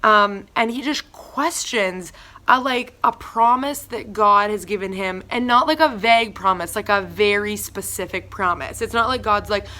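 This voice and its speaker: A woman's voice: mid-range voice, moderate pace. A young woman giving a casual church devotional, reading scripture and then talking it through in a chatty way full of fillers. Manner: chatty, filler-heavy, animated retellings.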